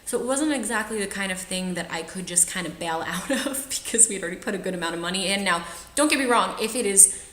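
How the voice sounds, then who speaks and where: Young woman vlogger, frank and chatty, bright forceful tone, roomy echo; casual storytelling to camera. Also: mid-range voice, lively intonation, quick pace, slight background noise. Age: 20s. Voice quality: trained singer's voice. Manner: chatty, frank, laughs often while telling. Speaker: vlogger sharing personal experience.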